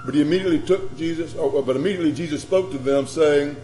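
A man preaching a sermon, dramatic, swinging between loud emphasis and quiet scripture reading. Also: on the high side, quick pace. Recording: echoey room with mains hum.

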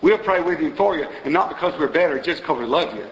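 Bright-voiced preacher in a reverberant hall. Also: male voice, a little high, lively intonation, fast talker, slight background noise. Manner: exhorting, rhetorical questions, rising to emphatic peaks. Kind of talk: sermon with invitation. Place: church auditorium.

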